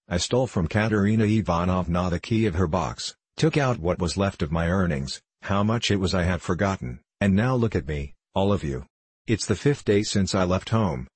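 A man's voice: sits low, slightly rough, dry recording. A man voicing a drunken, self-pitying middle-aged former clerk in an audiobook, rambling and pleading, rising to fervent declaiming. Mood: despairing. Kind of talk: audiobook character reading.

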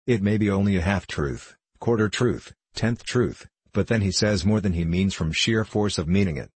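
Man reading a young male poet, impassioned, declamatory, deep voice, dry sound. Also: moderate pace, darkish tone, husky, no room sound. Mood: gentle. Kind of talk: audiobook character reading.

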